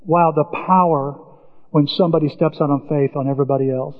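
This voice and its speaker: A man preaching a sermon as a pastor, telling stories with animated delivery. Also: on the high side, a little fast. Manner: animated storytelling, acts out biblical voices. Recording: dull, reverberant church recording.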